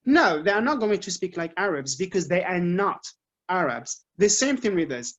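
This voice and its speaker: A man's voice: sits high, big pitch swings, normal speed, a bit bright. A man with an Arabic accent, a native Arabic speaker, teaching English learners in an advice talk, patiently repeating his points and checking in with "okay?". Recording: dull lo-fi recording.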